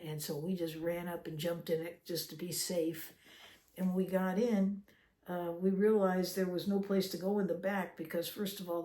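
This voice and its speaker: A woman's voice: fairly low pitch, a little mellow. A woman telling a personal story in a casual, rambling way, full of asides and restarts. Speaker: channel host. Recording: echoey room.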